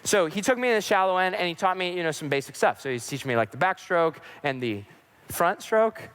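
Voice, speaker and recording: A man's voice: high voice, animated, fairly quick, a bit bright, clear, resonant tone. A young man on a faith podcast, giving a sermon-like teaching and telling a personal story, acting out the voices he quotes. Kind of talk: preaching-style faith talk with personal story.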